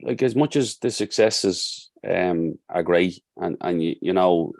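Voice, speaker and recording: A man's voice: low-pitched, unhurried, gravelly, a little mellow, no room sound, clean studio sound. A man with a Dublin accent, a football coach talking as a podcast guest and telling stories in an earnest, heartfelt way. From Ireland. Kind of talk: casual podcast conversation.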